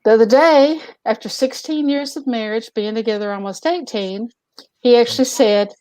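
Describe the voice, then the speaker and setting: Southern woman, chatty storyteller, slightly high voice, relaxed talk. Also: moderate pace. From Tennessee, US. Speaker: show regular. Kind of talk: casual chat.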